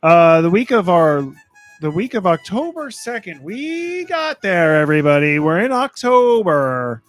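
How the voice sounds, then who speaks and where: Podcast co-host, male, high voice, reads lists and cracks jokes, trips over names. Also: very animated, unhurried, soft background music. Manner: joking, stumbles over game titles. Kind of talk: casual podcast chat.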